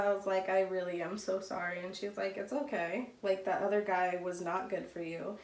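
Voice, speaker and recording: A woman's voice: mid-range voice, moderate pace, hardly any pauses, a bit bright. A young woman rambles through a casual storytime, full of fillers and restarts. Her voice sits a little back from the mic. The room around her rings with echo. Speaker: vlogger. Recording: roomy echo, a bit far from the mic.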